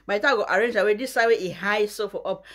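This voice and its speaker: A young Nigerian woman vlogger giving mocking gossip commentary, often breaking into loud high laughter. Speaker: YouTuber.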